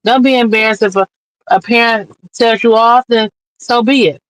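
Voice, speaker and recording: A woman's voice: fairly high pitch, fairly even intonation, moderate pace, no room sound, rough recording. A woman guest on a streamed interview show, talking earnestly and with passion as an advocate, close to tears at times. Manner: earnest, impassioned, tearful at times. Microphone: remote streaming mic.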